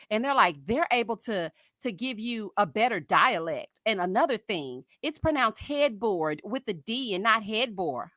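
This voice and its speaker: A woman's voice: on the high side, fairly bright tone, dry recording, studio quality. A sassy woman from Houston with a Southern twang, in her late thirties or around forty, ranting to her viewers and calling them honey and child. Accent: Southern US, Texas. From Houston, Texas. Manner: sassy, dramatic, calls listeners honey and child. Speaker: YouTube commentary host. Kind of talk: animated casual rant.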